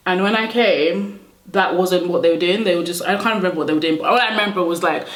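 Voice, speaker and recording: A young woman from Nigeria, chatting and telling stories in a relaxed beauty vlog, laughing often. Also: on the low side, fast. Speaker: beauty vlogger. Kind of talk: casual storytelling chat. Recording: roomy echo.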